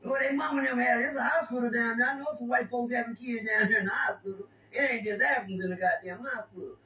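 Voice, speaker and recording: A man's voice: very high voice, fast, sharp tone, dull audio. A man telling prison stories in casual talk, rambling and stammering over repeated words. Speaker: interview guest. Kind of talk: casual storytelling. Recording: echoey room, distant mic, faint noise.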